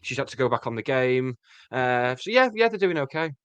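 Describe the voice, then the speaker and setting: A man co-hosting a podcast, dropping dark punchlines in a deadpan casual chat. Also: mid-range voice, a little fast, a crowd in the background. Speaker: podcast co-host.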